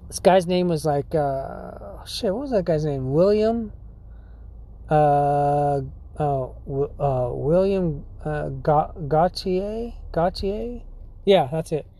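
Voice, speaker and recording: Rambling high-voiced podcast guy. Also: expressive, slow, mellow. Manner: rambling, full of likes, dudes and swearing; laughs often. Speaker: podcast host. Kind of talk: casual storytelling.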